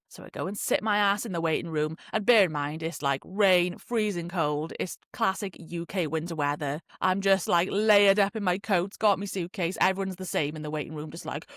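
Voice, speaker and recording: A woman's voice: fairly low pitch, fairly quick, hardly any pauses, a bit bright, no room sound, clean studio sound. A British woman hosting a podcast, telling a story in casual chat with frequent laughs. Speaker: podcast host.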